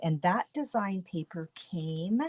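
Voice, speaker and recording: Slow, chatty woman crafting. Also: lowish voice, darkish tone, a little hiss or hum. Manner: chatty, talks viewers through each step. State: throat tickle, coughing now and then. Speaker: card-making demonstrator. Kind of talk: live-stream craft demonstration. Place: home craft studio.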